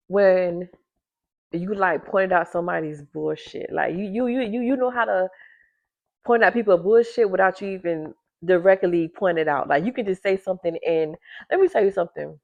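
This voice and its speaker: A woman talks casually to viewers, repeating herself for emphasis and jumping high in pitch when she gets worked up. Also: fairly bright tone. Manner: keeps her voice down at first with a sleeping baby nearby. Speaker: vlogger giving a reading to viewers. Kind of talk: casual direct-to-camera talk. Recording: slightly dull lo-fi sound.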